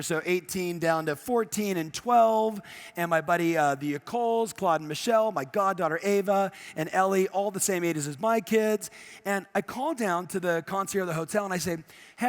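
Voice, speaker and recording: A middle-aged man coaching a live audience on stage, telling stories animatedly and acting out quoted voices. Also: sits high. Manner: animated storyteller, acts out quotes. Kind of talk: motivational seminar talk. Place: event room with live audience.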